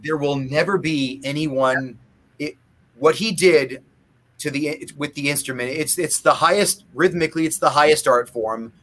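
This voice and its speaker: A man's voice: fairly high pitch, normal speed, a bit bright. A man, a guest musician in a casual interview, telling long stories with many restarts. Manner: rambling storyteller with many restarts.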